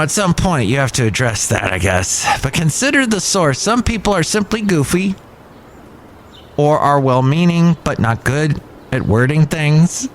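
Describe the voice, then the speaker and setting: A man's voice: on the high side, slight background noise. A man in his fifties hosting a podcast in a rambling, conversational manner, with frequent restarts. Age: 50s. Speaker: podcast host. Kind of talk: casual chat. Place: cafe.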